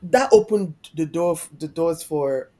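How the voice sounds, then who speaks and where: Low-voiced woman, heartfelt. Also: a little slow, warm tone. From Nigeria. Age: 30s. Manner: heartfelt, reflective, openly emotional. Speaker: guest. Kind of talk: candid personal storytelling.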